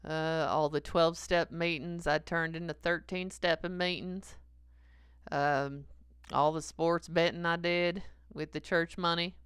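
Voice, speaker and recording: A woman's voice: lowish voice, fairly even intonation, a little slow, fairly bright tone, smooth, no room sound, studio quality. A woman playing a sleazy, confessional 48-year-old male pastor who rambles hesitantly, with lots of fillers, and chuckles at himself. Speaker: comedic character sermon. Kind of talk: stream-of-consciousness comic sermon.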